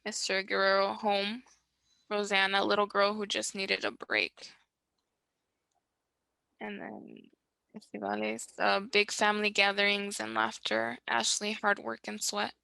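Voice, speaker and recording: A woman leads an online workshop, reading out what participants wrote, name by name. Her voice has a heavy fry and a bright edge. The sound is dry and close, as on a video call. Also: medium pitch, measured pace, no echo. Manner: reads names and quoted phrases one by one. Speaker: workshop facilitator. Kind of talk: reading participants' responses aloud.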